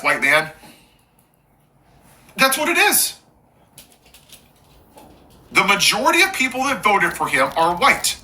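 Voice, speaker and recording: Male political commentator, angry rant, sarcastic asides, very bright tense tone, swooping animated pitch. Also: low-quality recording. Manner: angry, emphatic listing. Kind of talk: impassioned political rant to camera.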